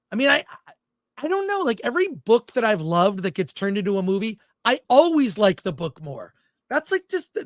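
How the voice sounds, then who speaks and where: A man with a high, slightly bright voice co-hosts a film podcast, chatting casually and sharing strong opinions while reading live chat comments aloud. The recording is dry and studio quality.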